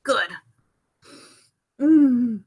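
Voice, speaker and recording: A woman hosting a casual live stream from home, giddy, laughing often and repeating herself excitedly. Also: fairly high pitch, drawn-out words, slightly rough. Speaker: livestream host.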